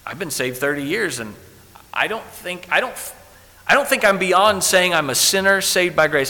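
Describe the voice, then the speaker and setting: A man's voice: fairly high pitch, lively intonation, normal speed. Man preaching in an echoey church. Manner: preaching with King James quotes, swinging from hushed to loud. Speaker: pastor. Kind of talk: sermon. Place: church sanctuary. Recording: echoey hall with faint hiss.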